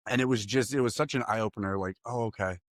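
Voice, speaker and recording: A man's voice: fairly low pitch, fast talker, no room sound. A man telling a personal story in a casual podcast chat, candid and profane, laughing often. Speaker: podcast co-host.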